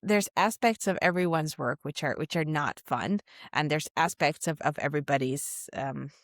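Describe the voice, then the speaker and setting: A woman's voice: sits low, moderate pace, no room sound, clean studio sound. A woman, a company CEO, talking reflectively as a podcast guest, often restarting her sentences. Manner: thoughtful, reflective, with frequent restarts and laughs. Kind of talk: conversational interview.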